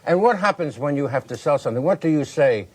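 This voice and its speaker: A man hosting a morning talk show, asking brisk questions. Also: fairly high pitch, lively intonation, a little mellow, husky, dry recording. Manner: brisk, quizzing.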